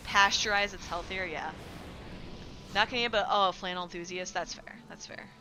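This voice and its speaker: A woman's voice: lowish voice, moderate pace, sharp tone, slight background noise. A woman streamer chatting casually with her live chat, rambling with lots of filler words and casual swearing.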